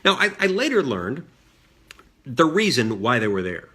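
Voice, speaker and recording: Husky middle-aged man telling a story. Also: mid-range voice, big pitch swings, bright, forceful tone. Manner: measured, many fillers and restarts, mimics voices in quotes. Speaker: senator recounting a childhood story. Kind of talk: storytelling monologue.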